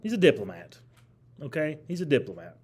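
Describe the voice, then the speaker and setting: A man's voice: fairly high pitch, big pitch swings, fairly quick, a little mellow, breathy edge. A man teaching a history class, lecturing animatedly, asking the class questions and repeating key phrases.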